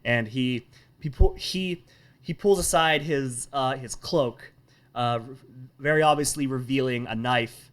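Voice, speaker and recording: A man narrating a tabletop game as game master, in a halting manner with many restarts. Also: medium pitch, fairly bright tone.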